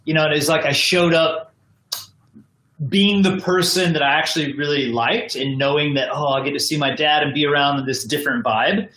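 A man's voice: a little high, normal speed, sharp tone, echoey room, rough recording. An American man, a podcast guest joining by video call, telling his story in a casual, rambling way full of "like" and "you know". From United States. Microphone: video call from home.

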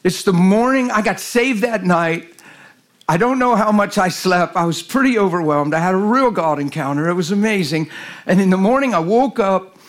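A man, preaching as a guest speaker in a folksy storytelling way that rises to shouted emphasis. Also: high voice, animated, normal speed. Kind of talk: sermon.

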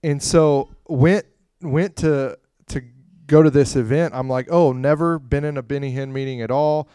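Male storyteller, casual and rambling, clear voice, dry close sound. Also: mid-range voice, normal speed, no echo. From Florida, USA. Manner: animated, rambling, acts out scenes with loud bursts. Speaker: speaker sharing a testimony.

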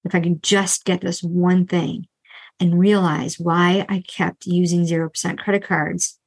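A middle-aged woman and financial coach, talking candidly and earnestly about her own past with debt, restarting often and tossing in quick asides. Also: fairly low pitch, level tone, low-quality recording. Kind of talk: candid solo podcast monologue.

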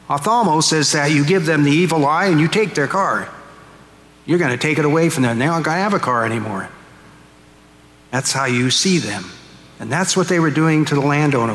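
A male pastor preaches a homily in a storytelling manner, voicing the figures as he goes. His mid-pitched voice rings out in a large church with long reverb. Faint ambience sits behind him. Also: expressive, normal speed, long pauses, a bit bright, a little hiss or hum. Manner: storytelling, acts out quotes. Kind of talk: sermon.

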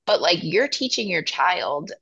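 A mother guesting on a podcast, animated and acting out little exchanges with her son. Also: lowish voice, unhurried, muffled recording. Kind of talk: casual podcast conversation.

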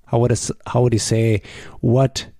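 Slow, gravelly man teaching German. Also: medium pitch, level tone, warm tone, no echo, studio quality. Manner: slow, patient drills with sample sentences spoken slowly. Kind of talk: language lesson.

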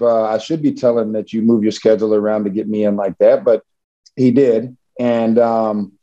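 A man from Missouri, in a relaxed interview, tells a personal story with chuckles and frequent restarts. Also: medium pitch, muffled recording. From Missouri, USA. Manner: casual, chuckling, many restarts.

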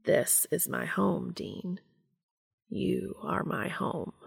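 A woman reading a fan story aloud, voicing an earnest, soft-spoken male angel in a low, hushed, slow voice that slips into whispers. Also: expressive, vocal fry, slightly rough, heavily acted. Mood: tender.

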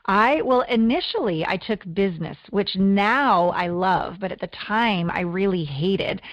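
A middle-aged woman from Canada, a guest telling her life story in an earnest, animated way. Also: medium pitch, a little slow, no echo. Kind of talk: interview storytelling. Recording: dull lo-fi audio.

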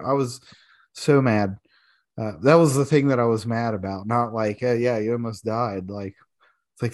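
Profane, animated man telling war stories. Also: medium pitch, normal speed. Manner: animated, profane, laughing storyteller. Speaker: military veteran. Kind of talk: casual war story.

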